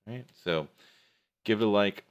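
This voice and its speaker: A man's voice: lowish voice, measured pace. A man running a live 3D sculpting tutorial, laid-back and slangy, often asking "right?". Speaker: 3D sculpting instructor streaming live. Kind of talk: casual live software tutorial. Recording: background crowd chatter from a playing video.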